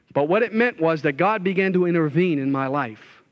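A man's voice: a little high, expressive, brisk. A middle-aged man, a former addict, telling his life story as a passionate testimony sermon. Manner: impassioned storytelling, rising loud when reliving scenes.

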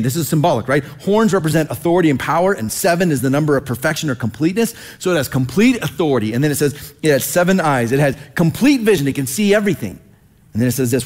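A man preaching a sermon, reading scripture slowly and asking the congregation rhetorical questions. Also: mid-range voice, darkish tone. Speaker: pastor.

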